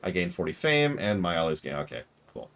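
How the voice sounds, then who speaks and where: A man giving casual gameplay commentary on a stream, his voice rising and falling in a lively, animated way. He jokes a lot and sarcastically talks back to the game's characters. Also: deep voice, fairly quick, vocal fry.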